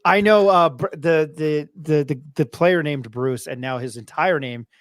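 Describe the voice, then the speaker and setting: A man hosting a relaxed sports show, meandering through an anecdote full of "um" and restarts. The sound is dry and close. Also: a little high, unhurried, dry recording. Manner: rambling, loses his train of thought. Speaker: podcast host. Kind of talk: casual sports chat.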